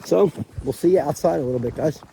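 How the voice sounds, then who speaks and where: A man's voice: a little high, fast talker, creaky, dark tone, slight background noise. Chatty upbeat man vlogging outdoors. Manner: upbeat, chatty, laughs often. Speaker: family vlogger. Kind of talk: casual vlog chat. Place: outdoors in snowy yard.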